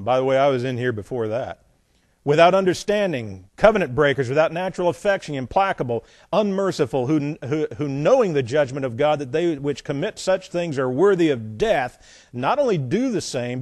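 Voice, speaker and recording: A man delivers a sermon, reading scripture aloud and breaking off into folksy asides. His voice sits a little high for a man, and he swings between loud emphasis and quiet remarks. The recording is dry and close, with no room echo. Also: lively intonation, moderate pace. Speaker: preacher. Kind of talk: sermon, Bible exposition.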